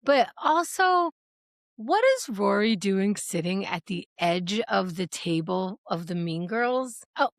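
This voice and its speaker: A woman co-hosting a podcast in casual chat, animated and self-mocking, laughing often. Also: mid-range voice, slow, no echo, clean studio sound. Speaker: podcast co-host.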